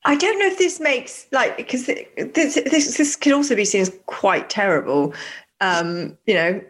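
A woman co-hosting a casual podcast, excitable and gushing, laughing and swearing freely. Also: on the high side, moderate pace. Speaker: podcast co-host. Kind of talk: casual chat.

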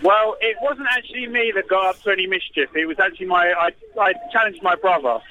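A man calling in from a festival, relaxed and a bit tipsy, speaking over a phone line. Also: high-pitched, quick pace, a little hiss or hum. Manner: tipsy, laid-back. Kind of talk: casual phone chat.

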